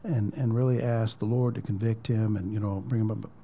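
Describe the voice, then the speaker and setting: A man's voice: fairly low pitch, fairly even intonation, a little fast, lo-fi sound, a little hiss or hum. A man preaching as a pastor in a conversational storytelling way, repeating words and dropping almost to a whisper at emotional points. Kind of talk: sermon storytelling.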